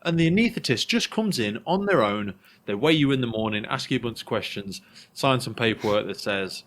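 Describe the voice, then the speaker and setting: A man's voice: medium pitch, lively intonation, fairly quick, a bit bright, a little hiss or hum. A male podcast host in a casual interview chat, talking bluntly and chattily with some swearing.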